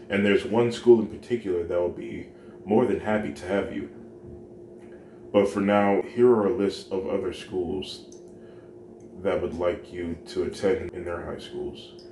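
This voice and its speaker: A man with a very deep voice reads a fan-made story at an unhurried pace. The recording sounds roomy, with clear background noise under him. He speaks every character in his own plain voice. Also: mellow. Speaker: fan fiction narrator. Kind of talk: slow scripted story reading.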